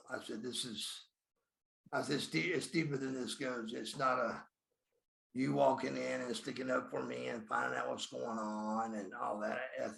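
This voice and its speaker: A man's voice: mid-range voice, fairly even intonation, moderate pace, vocal fry, a bit bright. A man in his fifties, a former pro wrestler, telling blunt, profane stories in an interview and calling himself by his own name. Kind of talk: storytelling in a podcast interview. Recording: echoey room.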